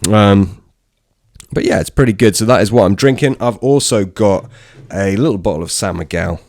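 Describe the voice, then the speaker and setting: A man's voice: lowish voice, normal speed, darkish tone, dry recording. A man, co-hosting a podcast in casual, jokey chat with many restarts. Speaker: podcast co-host.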